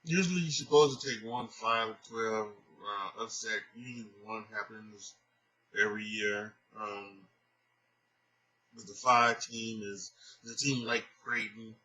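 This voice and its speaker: A man's voice: lowish voice, steady tone, a little slow, bright, forceful tone, low-quality recording. A tired man hosting a casual solo sports podcast, rambling through his picks with many fillers and restarts. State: tired, sleepy. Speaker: podcast host.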